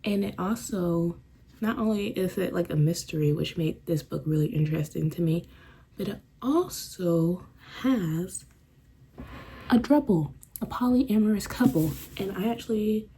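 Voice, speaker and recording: A woman's voice: lowish voice, normal speed, mellow, slightly rough, rough recording. A young woman chatting casually in a book vlog, rambling with lots of fillers and a little out of breath. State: a bit out of breath. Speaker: book vlogger. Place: room at home with a fan running. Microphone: camera on a stand.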